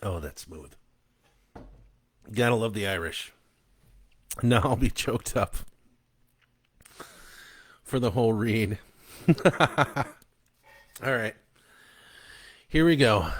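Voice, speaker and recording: A man's voice: on the low side, slow, pauses often, no room sound, clean studio sound. A man, the author, reading his own book aloud after a casual, chatty introduction full of ums and uhs.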